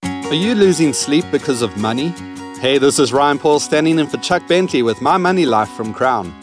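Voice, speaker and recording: A man's voice: on the high side, lively intonation, normal speed, soft background music. A man hosting a scripted Christian money-advice radio feature, reading with an upbeat delivery.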